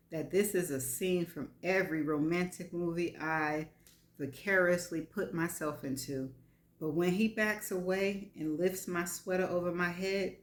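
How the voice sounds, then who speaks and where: Woman reading a story aloud, low voice, wry and frank, roomy echo. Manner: wry, frank, laughs between lines. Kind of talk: live reading of first-person fiction. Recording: echoey room.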